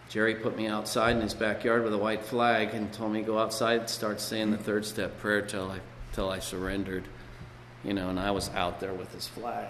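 A man's voice: on the low side, fairly bright tone, slight background noise. A man giving a personal recovery testimony at a meeting, a rambling storyteller who leans on "you know". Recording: echoey hall with long reverb.

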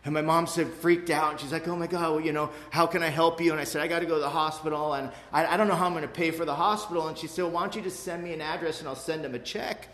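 A man's voice: a little high, a bit bright. A man giving a personal testimony about his recovery to a live audience, talking frankly and emphatically, often tagging his lines with "man" and "you know.". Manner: emphatic, with quick repeats and restarts. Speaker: speaker sharing his recovery story. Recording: echoey room.

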